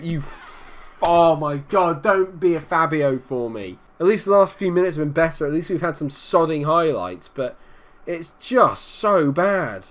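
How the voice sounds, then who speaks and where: A young man commentating on his football management game, casual and frustrated, muttering low, then shouting when his team scores. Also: lively intonation, normal speed. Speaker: gaming commentator.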